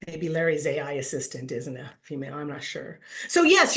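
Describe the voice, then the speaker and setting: A middle-aged woman giving a playful, animated webinar talk on branding, acting out quoted voices and laughing often. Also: on the high side. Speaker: branding speaker at an online summit. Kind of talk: lively webinar presentation.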